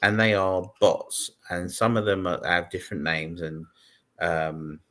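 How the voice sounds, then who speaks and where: Lower-voiced man ranting. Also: flat delivery, unhurried, a bit bright. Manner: blunt, ranting, sweary. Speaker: podcast co-host. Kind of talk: casual chat.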